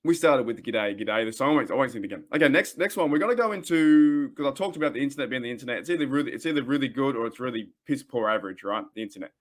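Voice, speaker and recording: A man's voice: mid-range voice, animated, racing, few pauses. An Australian man in his thirties hosting a casual sports fan podcast, ranting in a rambling, heated way with frequent restarts. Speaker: podcast host.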